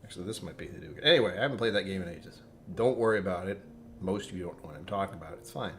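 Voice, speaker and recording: A man's voice: low voice, rapid-fire, fairly bright tone, slight background noise. A man tasting whisky on a live stream, rambling casually, joking at his own expense and chatting with viewers as he reads out their comments. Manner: rambling, self-deprecating, jumps between topics.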